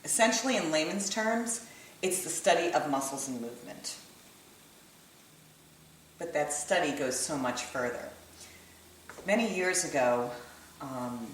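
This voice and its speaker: Low-voiced woman teaching in an echoey room. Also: distant mic, slight background noise. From United States. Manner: conversational, checks in with "right?" and "okay?". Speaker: holistic kinesiology teacher. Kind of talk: explanatory lesson to camera.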